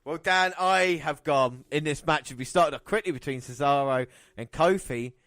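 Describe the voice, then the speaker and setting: A man's voice: a little high, normal speed, fairly bright tone, no echo, clean studio sound. A man hosting a podcast, chatting casually and calling match action play by play. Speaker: podcast host. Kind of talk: casual wrestling podcast commentary.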